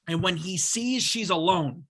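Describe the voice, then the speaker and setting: Bright-voiced young man telling a story. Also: high-pitched, measured pace. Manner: animated storyteller acting out voices. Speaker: podcast co-host. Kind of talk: casual chat.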